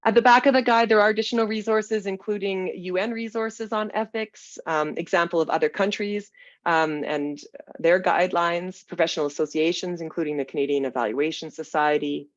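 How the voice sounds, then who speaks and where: Panel moderator on a video call, gravelly and a bit rough from smoke, halting delivery; muffled, close, dry sound. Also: mid-range voice, dry recording. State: throat irritated by smoky air. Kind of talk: online webinar moderation.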